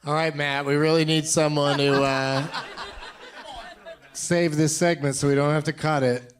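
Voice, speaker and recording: Guy hosting a live comedy podcast, teasing and laughing, kinda high voice. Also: flat delivery, unhurried, background noise. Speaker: podcast host. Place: comedy club stage. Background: live audience laughter.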